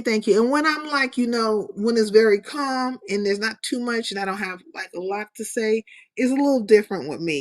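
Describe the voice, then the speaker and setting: Woman streamer, casual and profane, rambling, mid-range voice, chats with viewers. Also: mid-range voice. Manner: loose, profane, rambling chat with chat readers. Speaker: livestream host. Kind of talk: casual livestream chat.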